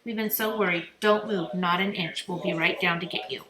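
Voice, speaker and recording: A woman's voice: on the low side, steady tone, normal speed, close to an everyday voice. A woman reading a storybook aloud and voicing a caring, firm mother in a motherly tone close to her own voice. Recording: roomy echo, crowd murmur behind.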